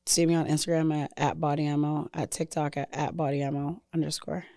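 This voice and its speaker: A woman co-hosting a podcast in casual chat, hoarse from losing her voice, relaxed and hedging with fillers. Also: deep voice, brisk, no echo, studio quality. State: hoarse, has lost her voice. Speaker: podcast co-host.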